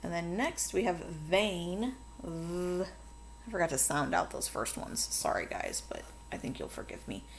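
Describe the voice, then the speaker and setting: A woman's voice: lowish voice, lively intonation, unhurried, vocal fry, slight background noise. A woman teaching a phonics lesson to children, explaining board work patiently and chattily, correcting herself as she goes.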